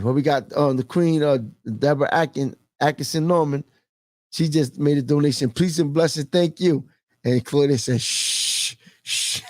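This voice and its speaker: A man's voice: mid-range voice, a little mellow, no echo. A man hosting a casual livestream, earnestly repeating a humble plea for support, with many fillers. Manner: repetitive, earnest pleading, fillers. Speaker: livestream host.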